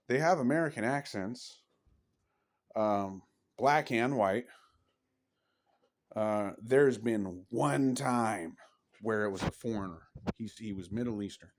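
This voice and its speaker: A man vlogging at home, telling odd stories in a rambling, self-interrupting way with emphatic bursts and mild cursing. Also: medium pitch. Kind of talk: casual rambling storytelling to camera.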